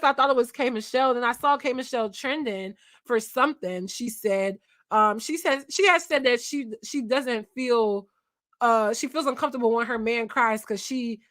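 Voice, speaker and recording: A woman's voice: fairly high pitch, a bit bright, dry recording. Young woman host, casual gossip stream, chatty, dry close sound. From Philadelphia, USA. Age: 20s. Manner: chatty, talks to chat, trails off and searches aloud. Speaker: livestream host.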